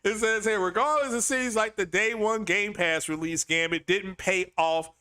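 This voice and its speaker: Man streaming, high voice, bright tone, animated and laughing, casual riffing. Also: normal speed, smooth. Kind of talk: casual live-stream commentary.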